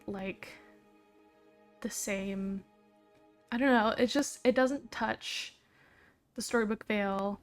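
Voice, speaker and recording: A woman hosting a video game let's play, chatting casually and rambling, with occasional hushed asides. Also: fairly high pitch. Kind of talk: casual gameplay commentary.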